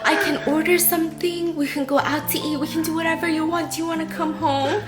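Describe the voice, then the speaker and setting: A woman quoting her boyfriend as a patient man gently coaxing her over the phone, in nearly her own voice. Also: very high voice, flat delivery, fast talker, music in the background.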